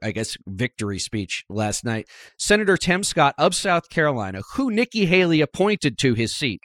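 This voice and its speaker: A man's voice: mid-range voice, no echo. A man with a mid-range voice hosts a casual political talk show. He speaks wryly and conversationally, tossing in quoted asides, and the sound is very dry and close with no room to it. The talk flows like an easy chat between colleagues. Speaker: podcast host.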